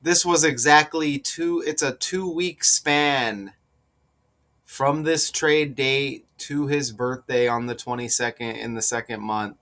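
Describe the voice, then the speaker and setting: A man giving casual solo commentary on sports number patterns, repeating his points with rhetorical asides and growing more insistent. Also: medium pitch. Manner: slow, deliberate, rising to excited insistence.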